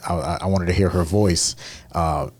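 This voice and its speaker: A man co-hosting a podcast, telling stories in relaxed, slangy casual chat with frequent restarts. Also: low-pitched, normal speed, breathy edge. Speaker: podcast co-host.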